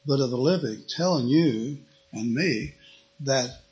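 A man's voice: mid-range voice, a little slow, a little mellow, rough recording. A man giving a folksy, conversational Bible teaching, reading scripture aloud. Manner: folksy, reads scripture aloud in King James wording.

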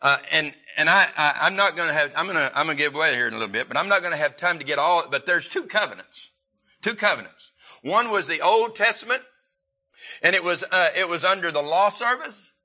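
A man preaching a sermon, halting and restarting often, then rising to stress his points. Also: fairly high pitch, expressive, sharp tone.

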